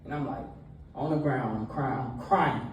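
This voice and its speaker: A man in his thirties preaching a casual, animated storytelling sermon that is full of laughs, with a nervous edge. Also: medium pitch, moderate pace, background noise. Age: 30s. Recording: echoey room from a distance.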